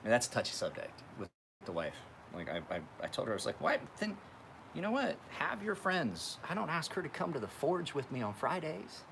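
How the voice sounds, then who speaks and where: Very animated, fast and gravelly with a fairly bright tone, a man tells profane, rambling stories while sharpening knives on a live stream. He performs other voices in high tones during this casual storytelling, recorded with faint background noise.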